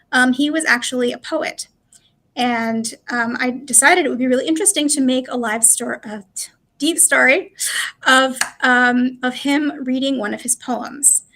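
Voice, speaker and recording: A woman's voice: high-pitched, measured pace, sharp tone. A woman presenting a live webinar walkthrough, chatty and explanatory, with frequent fillers. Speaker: presenter of a live product demo.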